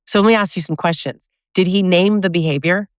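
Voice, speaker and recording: A woman's voice: on the low side, fairly quick, dry recording, studio quality. A woman relationship coach giving a direct, conversational talk, often asking rhetorical questions. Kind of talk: educational talk to camera.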